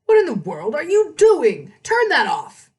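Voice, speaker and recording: A woman's voice: mid-range voice, expressive, moderate pace, a little mellow, husky. A woman reading aloud and voicing a stern, wealthy middle-aged father who demands answers.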